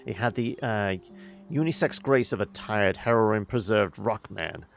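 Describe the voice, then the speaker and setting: A man reading a visual novel aloud, halting, with many fillers and self-corrections. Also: lowish voice, creaky, faint music behind. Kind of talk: reading game text aloud with asides.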